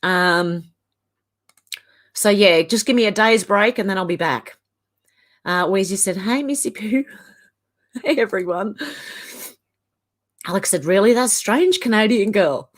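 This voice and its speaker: A woman's voice: mid-range voice, a little slow, pauses often. A woman from Australia hosting a livestream, reading out viewer comments in a casual chatty way and chuckling often. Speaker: livestream host reading chat. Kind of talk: casual chat.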